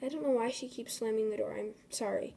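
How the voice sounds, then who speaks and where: A woman's voice: a little high, quick pace, creaky. A young woman hosting a casual craft tutorial, chatty and apologetic, talking to her materials as she works. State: a bit out of breath. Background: faint storm noise.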